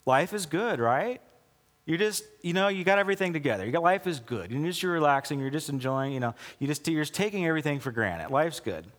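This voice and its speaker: A male pastor preaching a conversational sermon with sarcastic asides, acting out quoted lines in a lower, softer voice. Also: lively intonation, brisk, long reverb tail.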